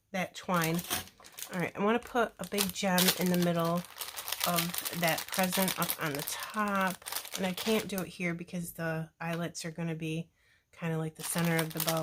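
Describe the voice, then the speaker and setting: A woman hosting a crafting video, talking casually to viewers in a relaxed, chatty way while working with her hands. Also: lowish voice, background noise. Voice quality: relaxed, chatty, self-deprecating asides.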